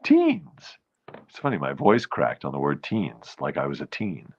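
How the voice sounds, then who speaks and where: Deep bronx guy w new york accent rambling on his live stream, lots of swing in his voice, kinda muffled audio. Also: sing-song, moderate pace, breathy edge. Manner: rambling, musing, greets viewers. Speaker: host. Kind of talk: casual live-stream chat.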